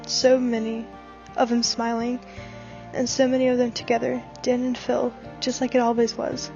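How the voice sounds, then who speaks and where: Woman narrating a fanfic, slightly high voice, dull muffled sound, music behind. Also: monotone, moderate pace, creaky, mellow. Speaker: fan fiction reader. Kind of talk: dramatic story reading. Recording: dull recording with background music.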